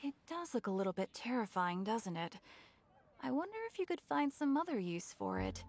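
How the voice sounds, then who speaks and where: A woman's voice: on the high side, wildly swooping pitch, moderate pace, darkish tone, slight background noise. A woman voicing an eager, chatty young shopkeeper in a video game, bubbly and salesy, with game music behind. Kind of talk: video game character dialogue.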